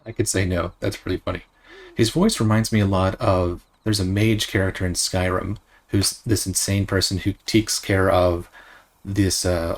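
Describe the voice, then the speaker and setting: A man casually commentating a video game, jokey and often laughing at it. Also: low voice. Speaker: let's play host. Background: faint game music.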